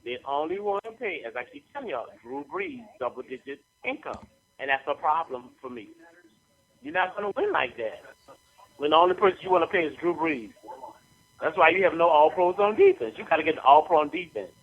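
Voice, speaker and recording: A man's voice: on the high side, very animated, a little fast, slightly rough, lo-fi sound. A man hosting a sports talk radio show, emphatic and opinionated.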